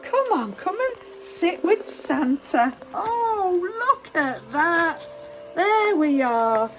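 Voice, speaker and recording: High sing-song woman, slow and gasping. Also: very animated, very noisy. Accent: Manx English. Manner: breathy gasps, sing-song exclamations. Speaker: children's singing group leader. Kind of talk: cheerful tour for toddlers. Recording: music playing behind.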